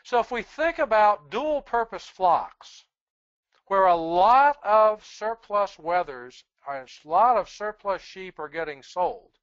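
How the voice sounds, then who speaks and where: A presenter giving a webinar lecture on sheep breeding in a measured, explanatory, plain-spoken way. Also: medium pitch, lively intonation, clean tone, dry recording, muffled recording.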